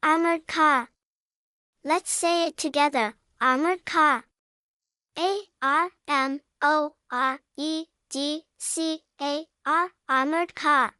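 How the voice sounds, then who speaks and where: Slow, high-voiced woman teaching kids words. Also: no echo, studio quality. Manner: slow, even spelling-out with cheerful sound words. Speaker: vocabulary teacher. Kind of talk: scripted kids' lesson narration.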